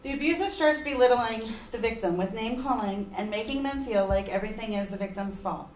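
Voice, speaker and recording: A woman's voice: on the high side, a little fast, a little hiss or hum. A woman giving an earnest persuasive speech, at times emotional. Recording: echoey room, mic far off.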